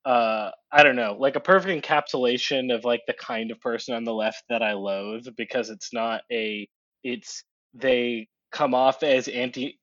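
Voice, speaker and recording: A man's voice: mid-range voice, fairly bright tone, no room sound. A man hosts a casual podcast, talking in loose, rambling runs full of fillers, curses and laughter. His voice sits in the middle range. The sound is dry and a little dull, like a modest home setup. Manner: rambling, profane, laughs often, lots of fillers. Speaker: podcast host. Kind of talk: casual book podcast chat.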